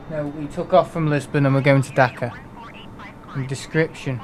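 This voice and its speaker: A man's voice: on the high side, steady tone, normal speed, slight background noise. A young man, chatting casually and rambling through a live gaming stream, laughing often and poking fun at himself.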